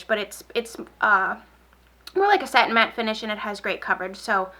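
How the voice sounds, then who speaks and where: A woman beauty vlogger in a relaxed get-ready-with-me chat, rambling and repeating herself while she applies makeup. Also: a little high. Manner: talks while applying makeup.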